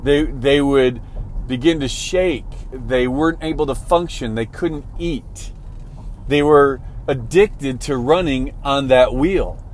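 A man's voice: mid-range voice, slow pace, a little mellow, a little hiss or hum. A man giving a motivational talk in a conversational way, often checking in with "right?" and restarting his phrases. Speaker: motivational speaker.

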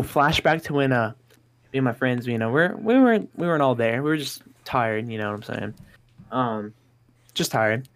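Young man telling a profane, rambling story. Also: mid-range voice. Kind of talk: casual storytelling.

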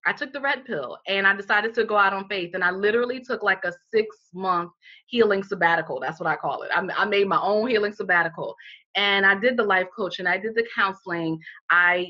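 A woman's voice: medium pitch, pushed and bright, breathy edge. A middle-aged woman, an interview guest who founded a healing center, telling her personal story candidly and emphatically, with many "you know" fillers. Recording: dull lo-fi recording.

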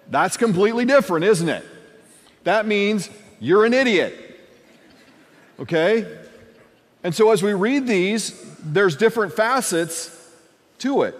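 A male lead pastor delivers a conversational sermon in a church sanctuary, acting out everyday questions in different voices. His voice sits high, with lively intonation and a moderate pace. The recording carries a long hall reverb.

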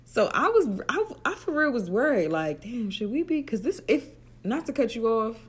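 Animated, quick-talking woman co-host. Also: on the high side, husky. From Atlantic City, US. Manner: animated storyteller, quick bursts and frequent laughter. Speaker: podcast co-host. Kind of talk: casual chat.

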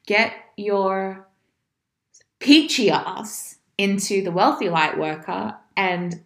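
A woman's voice: mid-range voice, takes it slowly, gravelly, fairly bright tone, reverberant. A woman co-hosting a coaching podcast in casual chat, bubbly, swearing freely and saying "like" a lot.

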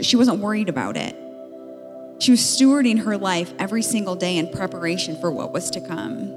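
A woman in her thirties teaches from a conference stage in a casual, chatty way, full of little fillers. Her voice rings with long reverb in a big hall while music plays clearly beneath her. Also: mid-range voice. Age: 30s. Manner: chatty and playful, with lots of "like" and laughter. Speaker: podcast co-host speaking at a marriage conference. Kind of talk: conference talk, teaching from scripture. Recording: live hall recording with reverb and music under it.

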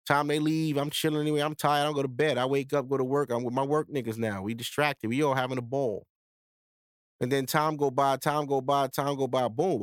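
A man's voice: mid-range voice, steady tone, a little fast, smooth, no echo, studio quality. Candid young man telling a story. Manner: candid, profane, street slang. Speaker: podcast host. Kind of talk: casual storytelling monologue.

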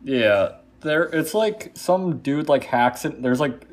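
A man's voice: a little high, lively intonation, slow pace. A young man co-hosting a podcast, explaining things in a rambling, casual way full of fillers. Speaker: podcast co-host. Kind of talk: casual chat. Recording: faint background noise.

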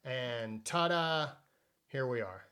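A man's voice: medium pitch, animated, slow, sharp tone, smooth. A man hosting a casual podcast, joking around and sometimes tripping over his own introductions. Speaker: podcast host.

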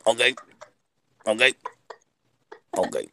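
A man's voice: mid-range voice, sing-song, slow, a bit bright, slight background noise. A man calling in and chatting casually in a sing-song, rhyming way.

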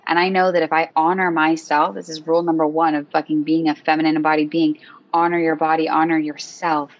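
An emphatic woman hosting a casual podcast chat, earnest and free with swear words. Her voice sits a little low, and the recording is dry and somewhat muffled. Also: flat delivery, a little fast, dry recording. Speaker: podcast host.

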